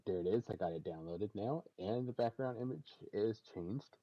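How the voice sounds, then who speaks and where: A man's voice: on the low side, moderate pace, highs cut off. A man streaming in casual chat, narrating what he is doing and laughing often between remarks.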